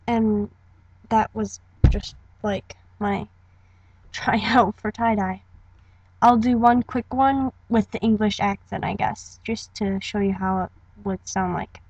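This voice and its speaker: A woman's voice: medium pitch, fairly even intonation, slow, darkish tone, husky, no echo, muffled recording. A young woman casually introducing her voice acting audition, rambling a little and sounding unsure.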